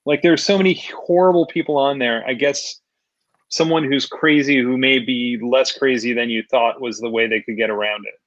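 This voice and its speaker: A man's voice: medium pitch, fairly even intonation, moderate pace, a bit bright, highs cut off, a little hiss or hum. A man hosting a casual chat, talking about movies in an enthusiastic, opinionated way. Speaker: host.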